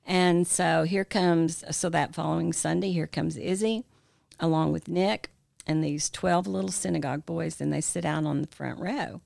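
Low gravelly older woman storyteller. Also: steady tone, moderate pace, a little mellow, no echo, clean studio sound. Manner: rambling, with many fillers and restarts. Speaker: mother of the hosts, guest storyteller. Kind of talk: storytelling in casual family chat.

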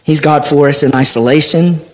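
A male pastor preaching a sermon, reading scripture aloud with animated delivery. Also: fairly high pitch, moderate pace.

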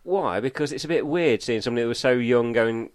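A man's voice: medium pitch, fast, smooth. A man in a casual chat, talkative and self-deprecating.

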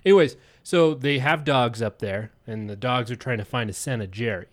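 A man's voice: medium pitch, normal speed. A man from Utah hosting a podcast, casually narrating a story. He swears freely and builds suspense. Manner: relaxed, profane, building suspense. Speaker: podcast host.

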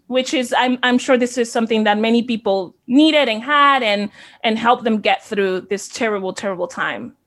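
A fairly high-pitched woman from the Dominican Republic, in her thirties, talks about running her child care center. She speaks earnestly and reflectively, often repeating a word as she begins a thought. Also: fairly bright tone. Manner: earnest, reflective, repeats words when starting. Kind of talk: conversational interview.

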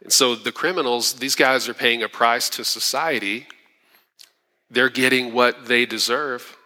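A man preaching a sermon as pastor, earnest and animated, acting out the quotes he tells. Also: medium pitch, a little slow. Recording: long hall reverb.

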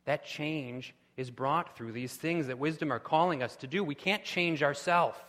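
A man preaching a sermon with impassioned delivery, rising to loud pleading cries. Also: fairly high pitch, normal speed, in a large hall. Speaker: pastor.

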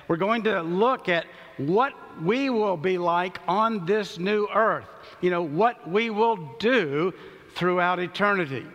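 A man, preaching a sermon as pastor, with earnest, emphatic delivery and slow scripture reading in a church. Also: sits high, sharp tone. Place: church sanctuary. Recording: long reverb of a large hall.

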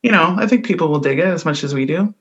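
A woman's voice: sits low, fast talker, muffled recording. A woman with a Midwestern accent co-hosting a podcast in casual chat, explaining things and laughing often. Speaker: podcast co-host.

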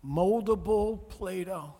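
A man preaching a sermon as pastor, animated, swinging from loud emphasis to soft, low words. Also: slow pace, gravelly. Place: church auditorium. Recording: long reverb of a large hall.

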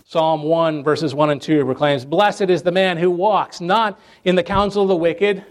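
A male pastor delivering a sermon in church, with a voice pitched a little above the usual for a man. He speaks earnestly and builds his points through emphatic lists and repetition. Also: steady tone, moderate pace.

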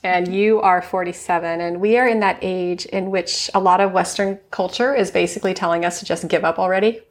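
A woman's voice: on the low side, steady tone, a little fast. A woman in her fifties hosting a podcast, chatting reflectively and encouraging her guest. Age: 50s. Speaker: podcast host. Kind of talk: casual interview chat.

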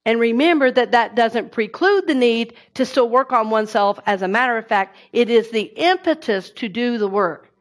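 A woman's voice: a little high, animated, moderate pace. A woman giving a conversational sermon and leading the congregation in affirmations. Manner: warm, conversational preaching with affirmations. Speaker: minister.

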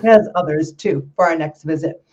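A woman's voice: deep voice, normal speed, a crowd in the background. A woman hosting an interview show, upbeat and encouraging as she thanks her guest and the audience. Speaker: host. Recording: slightly dull lo-fi audio.

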